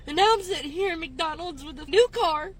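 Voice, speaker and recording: A woman's voice: extremely high pitch, lively intonation, a little fast, a little hiss or hum. A woman in her fifties, stressed and tearful, venting to her phone from her car in a parking lot with nervous laughs. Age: 50s. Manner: distraught, breaking into nervous laughs. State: crying, stressed. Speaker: gig delivery driver venting on social media. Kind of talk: tearful vent to camera.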